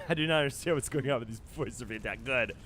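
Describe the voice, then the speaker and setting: A man streaming a game live, chatting casually and excitably and swearing freely. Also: medium pitch, quick pace, a little hiss or hum. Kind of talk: casual live game commentary and read-along.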